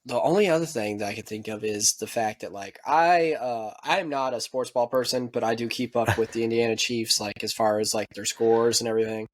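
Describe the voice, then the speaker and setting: An American man co-hosting a podcast, ranting casually and profanely, mimicking other people in quick asides. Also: medium pitch. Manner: profane, animated ranting with mock quoted voices. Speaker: podcast co-host. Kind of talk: casual chat.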